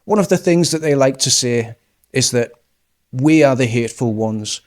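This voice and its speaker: A man's voice: medium pitch, normal speed. A man giving sarcastic, mocking political commentary over clips. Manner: sarcastic, mocking, with scornful laughs.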